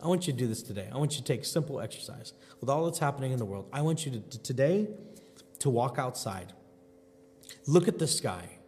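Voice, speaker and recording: Man, mid-pitch pastor, animated storyteller, reverberant space. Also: quick pace, slight background noise. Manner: animated storyteller, folksy and earnest. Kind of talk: devotional sermon with personal story. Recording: long hall reverb.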